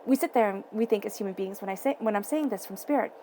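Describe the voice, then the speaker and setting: A woman's voice: medium pitch, fast talker, warm tone, a little hiss or hum. A woman giving a tarot reading straight to the listener, emphatic and repeating her key phrases. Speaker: tarot reader. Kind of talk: tarot reading addressed to viewers.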